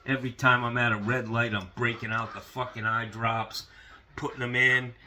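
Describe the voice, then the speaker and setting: Guy swearing and rambling in a casual rant, mid pitch, bright sharp tone. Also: flat delivery, normal speed, a little hiss or hum. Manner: profane, rambling, with many fillers. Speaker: vlogger.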